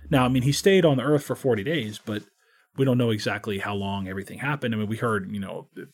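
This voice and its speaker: Husky-voiced priest guy chatting about scripture, thinks out loud, lots of restarts and "you know"s. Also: fairly low pitch, quick pace. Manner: reflective, imagines scenes aloud with hesitant restarts. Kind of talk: conversational faith podcast.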